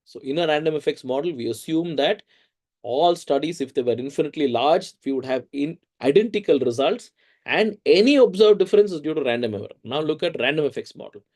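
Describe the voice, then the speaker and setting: A man with an Indian English accent teaching a research methods course in a lively, conversational way, often asking the audience questions. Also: a little high, fairly quick. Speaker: lecturer.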